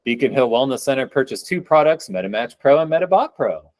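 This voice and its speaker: A man's voice: mid-range voice, expressive, brisk, no echo, low-quality recording. A man presenting a live coding demo at a meetup, talking casually with upbeat, joking asides.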